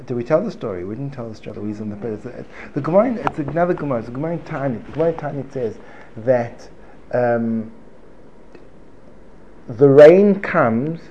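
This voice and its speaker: A man's voice: mid-range voice, brisk. A man teaching an informal Torah class to a live room, joking and digressive, often repeating himself. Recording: dull lo-fi recording with faint room noise.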